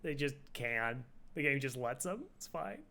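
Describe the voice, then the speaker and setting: A man's voice: medium pitch, lively intonation, unhurried, bright, forceful tone. A man casually reviewing a game run, laid-back, critiquing it with short quips. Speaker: co-host reviewing the old run.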